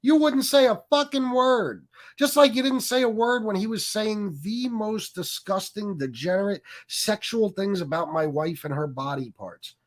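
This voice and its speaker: Here the streamer's voice sits high, moving at a moderate pace with few pauses. He's a man ranting furiously on a live stream, cursing frequently, mocking as he goes, and leaning on lots of fillers.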